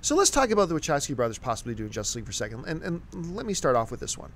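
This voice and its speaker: A man hosting a casual movie chat show, steering the discussion and talking with animated energy. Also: medium pitch, very fast, a little hiss or hum. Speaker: host.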